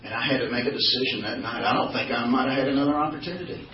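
In a roomy, distant, dull recording with slight background noise, a man with a mid-range voice leads a Bible study at a rapid-fire clip. He is animated, putting questions to the group and cracking jokes throughout this informal sermon to a small gathering.

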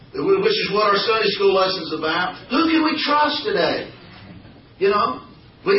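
A man giving a folksy, animated church talk full of anecdotes, calling on the congregation for responses. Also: high voice, a little hiss or hum. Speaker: church speaker. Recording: echoey hall from far off, dull sound.

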